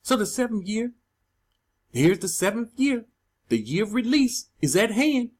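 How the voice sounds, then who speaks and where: A man's voice: high voice, big pitch swings, unhurried. A man preaching to his online channel audience, emphatic and scolding, repeating his points.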